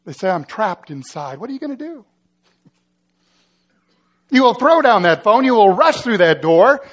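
A male pastor delivers a sermon in a high, ringing voice. He builds drama through rhetorical questions and urgent, vivid scenarios, rising and dropping for effect. The recording sounds dull and lo-fi.

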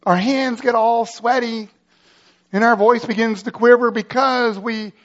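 A man's voice: very high-pitched, fairly even intonation, unhurried, muffled recording. A man preaching a sermon as a pastor, building urgency with vivid scenarios and rhetorical questions.

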